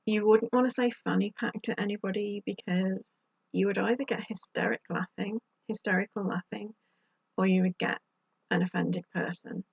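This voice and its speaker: A woman's voice: medium pitch, steady tone, normal speed, creaky, slightly rough, no room sound, muffled recording. A woman giving chatty advice to camera as a vlogger, with exasperated asides. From United Kingdom. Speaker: YouTube vlogger.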